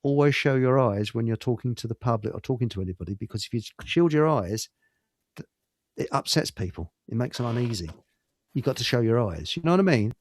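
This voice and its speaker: A man's voice: mid-range voice, expressive, brisk, dry recording, studio quality. A middle-aged man hosting a casual talk show, telling rambling stories full of restarts. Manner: rambling anecdotes with frequent restarts. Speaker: host.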